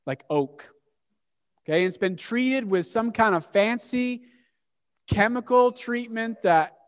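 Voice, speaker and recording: A man preaching a sermon as an animated, self-mocking story. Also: sits high. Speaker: pastor. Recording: long hall reverb.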